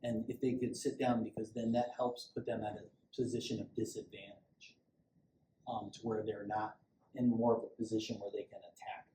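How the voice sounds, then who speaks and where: A middle-aged man, a police sergeant, has a fairly low, dark voice with a flat delivery at normal speed. His safety training talk to a small group is loose and conversational, with little quotes acted out. The recording sounds echoey, with a distant mic and faint hiss.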